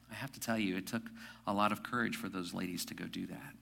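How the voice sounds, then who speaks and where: A middle-aged male pastor preaching a sermon, alternating emphatic rising bursts with hushed, reflective passages. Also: low voice, quick pace, creaky. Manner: drops to soft, hushed reflection.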